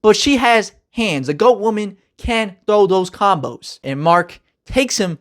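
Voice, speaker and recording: Animated young man reviewing a TV show. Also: high voice, a little slow. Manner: energetic, slangy, joking. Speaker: TV review host. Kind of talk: casual spoiler review.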